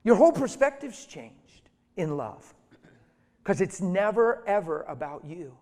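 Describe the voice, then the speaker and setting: A middle-aged man preaching through a personal story, animated and emphatic, acting out the voices of the people in it. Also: high voice, measured pace. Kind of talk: storytelling sermon. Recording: long hall reverb.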